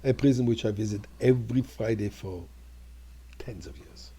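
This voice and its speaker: A man's voice: on the low side, normal speed, mellow, slightly rough. An older man, a rabbi, telling a story in an earnest sermon that rises to fervent exclamations. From Montreal.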